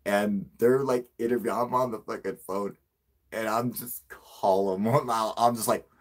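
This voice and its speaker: A male channel host in casual livestream chat, a profane, excitable storyteller who laughs a lot. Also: lowish voice, unhurried.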